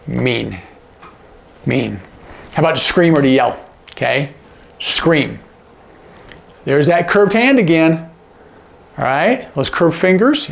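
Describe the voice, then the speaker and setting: A man's voice: a little high, gravelly. A man teaching sign language in a casual, demonstrative way, often checking in with "okay?" as he explains. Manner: demonstrative, asks frequent check-in questions.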